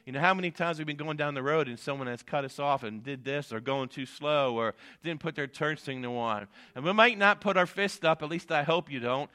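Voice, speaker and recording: A middle-aged man preaching an evening sermon, his tone bright and forceful. He swings between emphatic high peaks and low, quiet asides, punctuating points with "amen". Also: fairly quick, few pauses. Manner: preaching with rising emphatic peaks, repeated "amen" and "guess what". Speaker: pastor.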